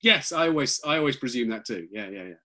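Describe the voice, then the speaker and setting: Fast-talking British man, animated. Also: medium pitch. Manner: animated, many restarts and repeated words. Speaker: guest writer. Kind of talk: casual interview chat.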